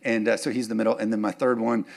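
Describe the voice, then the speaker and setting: A man's voice: fairly low pitch, little pitch movement, fast talker, gravelly. A man, preaching a sermon as pastor, joking and chatty, then rising to fervent urging.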